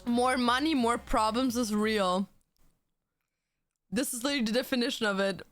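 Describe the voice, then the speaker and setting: A woman's voice: on the high side, moderate pace, fairly bright tone, faint music behind. A woman livestreamer chatting casually and playfully, laughing and thanking viewers for donations. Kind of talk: casual live-stream chat.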